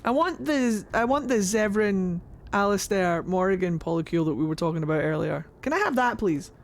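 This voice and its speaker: A woman streaming a video game, chatting excitably and swearing freely. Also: medium pitch, a little fast. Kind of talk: live gameplay commentary.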